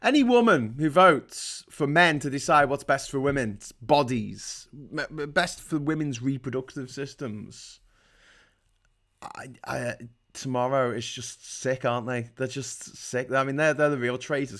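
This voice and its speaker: A man's voice: mid-range voice, moderate pace, a bit bright. A man with a Liverpool accent hosting a casual livestream, reading viewer comments aloud and reacting in a blunt, sweary, rambling way. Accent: Liverpool (Scouse). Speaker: livestream host.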